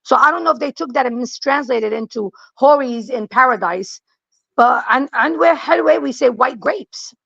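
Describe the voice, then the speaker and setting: Blunt woman, gravelly voice. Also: high-pitched, animated, normal speed, a bit bright, dry recording. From Lebanon. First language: Aramaic. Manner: blunt, emphatic, repeats herself. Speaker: guest. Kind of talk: casual conversation. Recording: dull lo-fi sound.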